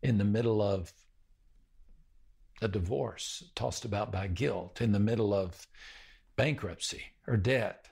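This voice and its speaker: A male preacher delivers his sermon slowly and deliberately, pausing often and repeating key phrases. His voice sits a little low, with a gravelly, husky edge. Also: a little mellow. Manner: slow, measured preaching with pauses and repeated phrases. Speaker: pastor.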